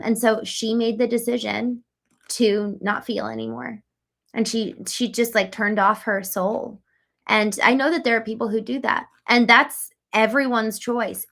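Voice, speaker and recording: This woman's voice is a little high, creaky, and a bit bright. She's hosting a casual livestream, reflecting earnestly, reading out comments from chat, and often saying um and like.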